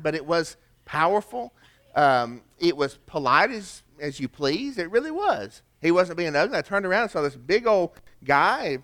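Older preacher with a higher voice. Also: male voice, fairly bright tone. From American South. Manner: folksy, preaching with rising emphasis and rhetorical questions. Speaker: pastor. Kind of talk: sermon with storytelling.

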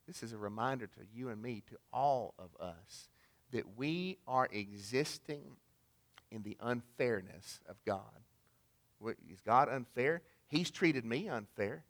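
A man's voice: medium pitch, expressive, a little slow. A man preaching a sermon in a conversational way, asking the congregation rhetorical questions. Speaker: pastor.

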